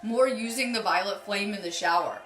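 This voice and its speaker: A woman's voice: mid-range voice, a little fast, fairly bright tone, roomy sound, soft background music. A woman doing a casual card reading on a live stream as a spiritual healer, chatty and upbeat, greeting viewers by name.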